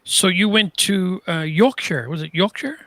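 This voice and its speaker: A man's voice: high voice, measured pace, fairly bright tone. A man hosting a casual interview, asking questions and chatting at length with many fillers. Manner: chatty, full of fillers and restarts. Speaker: host.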